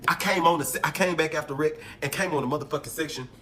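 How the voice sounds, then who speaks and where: Animated profane man telling a story. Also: on the high side, fast, slight background noise. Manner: animated, profane, acts out quotes. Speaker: storyteller in a clip. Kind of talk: casual storytelling.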